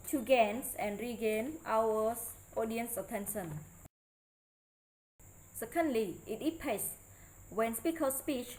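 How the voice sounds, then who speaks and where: The recording is low quality, capturing a student's voice on the high side. She reads her presentation aloud with care, halting often, in a lecture format marked by non-native grammar.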